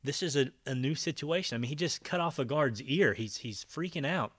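A man's voice: a little high, animated, a little fast, a bit bright, breathy edge, no echo. A man preaching a conversational Bible-teaching sermon, retelling scenes with voiced quotes and frequent fillers and restarts. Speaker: pastor.

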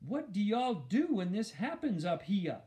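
A man voicing a worried, gentle mother who slips into a Southern drawl. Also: sits high, sing-song, a little slow, voice pushed up. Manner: soft anxious Southern drawl.

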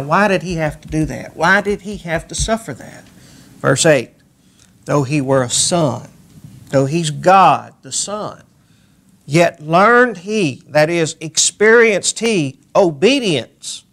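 A male pastor preaching a sermon, reading scripture aloud and pressing key words with slow emphasis. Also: a little high, vocal fry, a bit bright. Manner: reads scripture aloud in King James wording.

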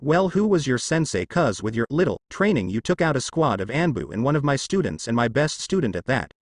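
A man playing a weary male village leader who asks measured, cautious questions, with a lively pitch. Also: dry recording, clean studio sound. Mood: cautious questioning.

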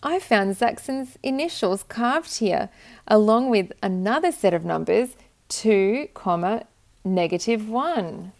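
A woman voicing a clever, curious young girl adventurer in a storybook read-aloud, with a slightly gravelly voice. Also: medium pitch, animated, slow.

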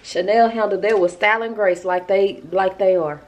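A woman's voice: medium pitch, fairly even intonation, normal speed. Blunt, casual woman vlogger. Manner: blunt, irritated, laughing asides. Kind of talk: casual vlog chat.

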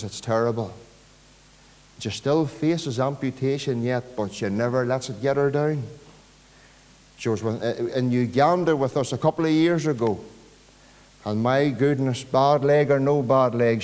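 A Northern Irish pastor preaching a sermon in a church, swinging from loud, emphatic calls to soft, low asides. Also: male voice, normal speed, in a large hall, poor audio.

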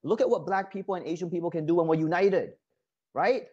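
A man's voice: high-pitched, a little fast, darkish tone, dull audio. A man doing comedic sketch banter as a correspondent, mock-indignant and heated, with lots of uh fillers.

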